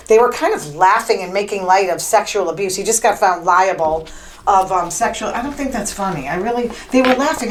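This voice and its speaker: A woman's voice: mid-range voice, rough recording. A middle-aged woman hosting her own podcast, talking in a chatty, rambling, opinionated way with plenty of filler words. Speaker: podcast host. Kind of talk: casual solo commentary.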